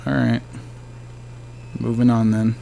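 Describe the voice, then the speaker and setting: Gravelly-voiced man streaming a game. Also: mid-range voice, little pitch movement, slow pace, warm tone, a little hiss or hum. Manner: chatty and joking, talks back to on-screen ghosts. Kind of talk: casual let's-play commentary.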